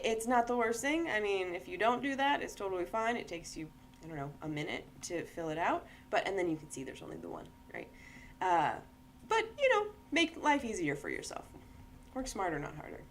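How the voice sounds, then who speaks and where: A woman's voice: mid-range voice, a little hiss or hum. Chatty woman walking through a tutorial. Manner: chatty, checks in with "right?", self-correcting. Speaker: founder demonstrating her game-making tool. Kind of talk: casual screen-share tutorial.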